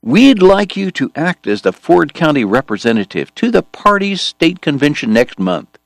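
A man voicing an eager, smooth political organizer. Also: fairly high pitch, sing-song, normal speed, no room sound, studio quality, pitched above the performer's own voice. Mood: persuasive. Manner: eager, persuasive, bright-toned. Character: earnest, smooth-talking male political organizer.

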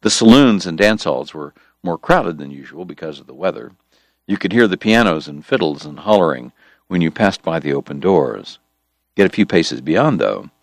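Low-voiced male narrator, lively intonation, dry close recording, storytelling read. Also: no echo. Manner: measured, storytelling. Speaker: audiobook narrator. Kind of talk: scripted narration.

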